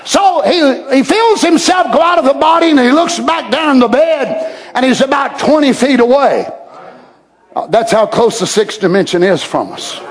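Impassioned high-voiced preacher, shouting and hushing. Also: male voice, animated, moderate pace. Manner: impassioned, swings between shouting and hushed asides. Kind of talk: sermon.

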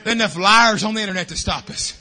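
Preacher guy, high bright voice, fired-up revival sermon, goes from shouting to quiet. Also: fast. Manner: fervent, swings between shouting and hushed tones. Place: church sanctuary.

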